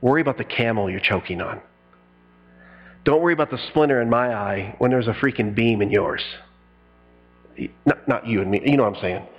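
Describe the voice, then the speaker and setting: A middle-aged man preaching a sermon in an animated style, acting out quotes and breaking into sudden loud bursts. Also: mid-range voice, fairly quick, pauses often, husky, muffled recording. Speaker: pastor.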